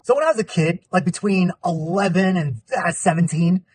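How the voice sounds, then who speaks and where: A man's voice: high voice, moderate pace, over music. A man in his forties from California hosting an upbeat movie review vlog with jokey asides.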